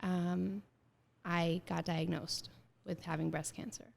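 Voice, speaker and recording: A woman around thirty, a guest in an interview, telling her story in a lively way and acting out bits of dialogue, with many filler words. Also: lowish voice, slow pace, vocal fry. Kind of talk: casual interview conversation.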